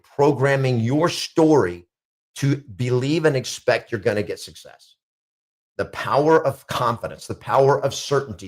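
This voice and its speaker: Emphatic male real estate coach. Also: medium pitch. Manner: emphatic, repeats declarations with rising intensity. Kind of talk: motivational coaching talk.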